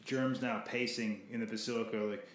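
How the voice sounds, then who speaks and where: A man's voice: fairly low pitch, steady tone, fairly quick, fairly bright tone. A man playing a tabletop game, joking and narrating his character's actions in the third person. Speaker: player. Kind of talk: casual tabletop game chat.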